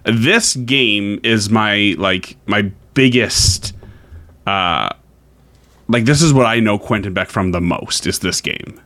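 A man's voice: on the low side, slow. A man co-hosting a casual podcast chat, talking with enthusiasm and laughing often. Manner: lively and enthusiastic, with frequent laughter. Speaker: podcast co-host. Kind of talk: casual chat about games and films.

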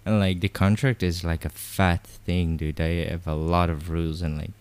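A man's voice: low voice, little pitch movement, normal speed, darkish tone, smooth. A young man hosting a casual podcast, talking loosely with frequent hesitations and restarts. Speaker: podcast host.

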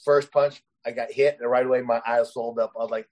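A man's voice: mid-range voice, steady tone, quick pace, darkish tone, rough recording. A man, a professional fighter, telling stories in a casual interview, rambling and full of fillers. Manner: rambling, heavy with "you know" and "uh" fillers.

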